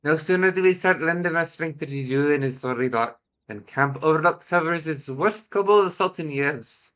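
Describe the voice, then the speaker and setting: A congested man reading a gruff sailor in a Scottish accent, with blustery old-fashioned seafarer talk. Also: a little high, normal speed, fairly bright tone, voice pushed up, natural voice. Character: gruff male sailor in a seaside camp.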